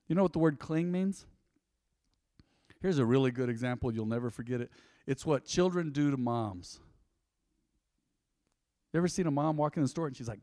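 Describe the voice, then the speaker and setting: A man preaches to his congregation and acts out little stories as he goes. His voice sits somewhat high and moves widely up and down. A long reverb from the church room trails after each phrase. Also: moderate pace. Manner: animated storyteller, acts out scenes. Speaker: pastor. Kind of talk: sermon with personal anecdotes. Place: church sanctuary.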